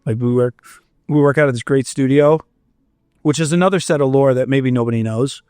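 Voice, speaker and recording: This musician guest, a young man from Fort Myers, Florida, has a medium-pitched, smooth voice and a brisk pace, captured in a dry, studio-quality recording. He tells an animated story in casual chat, swearing now and then and acting out what people said.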